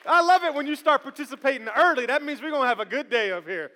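Bright-voiced pastor in a reverberant church. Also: male voice, extremely high pitch, quick pace. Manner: lively, leads the congregation in call-and-response. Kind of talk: sermon. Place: church sanctuary. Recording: long reverb of a large church hall.

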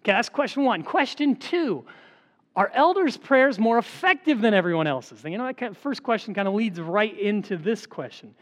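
A man's voice: high-pitched, animated, moderate pace, a bit bright, in a large hall. A man preaching a sermon as pastor, earnest and emphatic, asking rhetorical questions and answering them.

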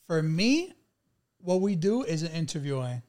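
A man hosting a podcast, talking in a relaxed, conversational way. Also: on the high side, a little slow. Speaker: podcast host. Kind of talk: casual chat.

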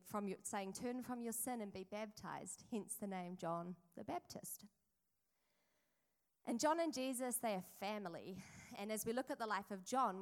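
A woman, preaching a sermon in a chatty storytelling way with asides to the congregation. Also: mid-range voice. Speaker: pastor.

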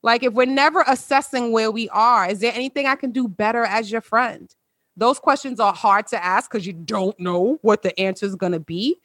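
A woman's voice: fairly high pitch, moderate pace, fairly bright tone, dry recording. A woman hosting a casual podcast chat with friends over a video call, talking in a heartfelt, emotional way and laughing often. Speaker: podcast host.

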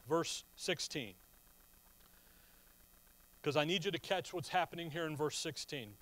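A middle-aged man preaching a sermon, emphatic, quizzing his listeners and reading scripture slowly and loudly. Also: high voice, dry recording. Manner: emphatic, asks the audience questions.

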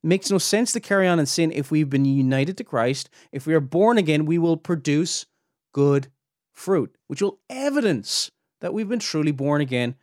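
A man's voice: fairly high pitch, expressive, normal speed, a little mellow, no room sound. Earnest man teaching, dry close sound. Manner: emphatic, earnest, rises sharply when pressing a point. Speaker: podcast host and Bible teacher. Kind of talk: theological teaching talk.

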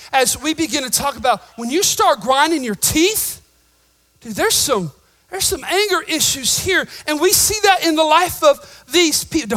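A man with a drawl preaches in church. His voice sits very high and rings bright and sharp. He shouts his main points, then drops to quiet, joking asides to the congregation. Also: rough recording. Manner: jokes with the congregation. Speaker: pastor. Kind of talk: sermon.

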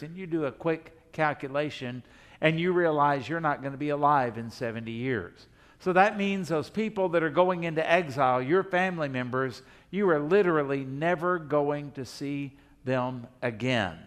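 A man with a fairly high voice delivers a sermon as a pastor. He keeps it conversational, leaning on rhetorical questions and voicing what the people might have said. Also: normal speed. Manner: speaks in imagined voices of the people.

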